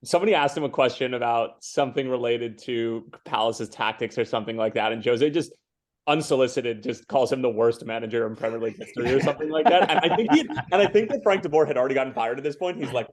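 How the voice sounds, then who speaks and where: A man co-hosting a casual soccer podcast, telling a story with hesitant pauses. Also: medium pitch. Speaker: podcast co-host. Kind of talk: casual chat.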